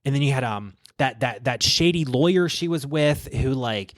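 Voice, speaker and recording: A man rambling through gossip on his podcast, swearing often and stacking one aside on another. His voice sits at an ordinary middle pitch. The studio sound is close and dry, with no room echo. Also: normal speed. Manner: profane, rambling, animated. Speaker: podcast host. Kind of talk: casual gossip commentary.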